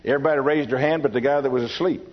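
Folksy Texan preacher on lo-fi tape. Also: male voice, medium pitch, fairly even intonation, very fast, a little hiss or hum. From Texas. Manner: folksy, humorous anecdote-telling. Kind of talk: sermon with folksy storytelling. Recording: dull lo-fi sermon recording.

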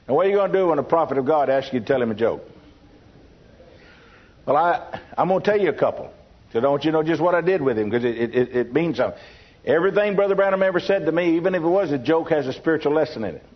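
Folksy Texan preacher on lo-fi tape. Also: male voice, on the high side, lively intonation, quick pace. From Texas. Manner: folksy, humorous anecdote-telling. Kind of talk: sermon with folksy storytelling. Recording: dull lo-fi sermon recording.

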